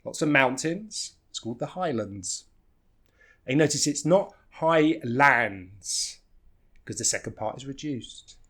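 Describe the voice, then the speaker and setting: Male teacher, lively and husky, slow repeated modelling. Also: medium pitch. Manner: models phrases slowly, repeating reduced sounds. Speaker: English teacher. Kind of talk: pronunciation lesson.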